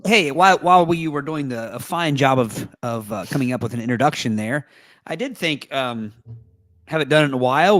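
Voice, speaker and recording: A man's voice: medium pitch, fairly bright tone, dry recording. Joking man co-hosting a podcast, dry sound. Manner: joking, playful asides while reading. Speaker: podcast co-host. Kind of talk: casual chat, reading a forum post aloud. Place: live podcast recording.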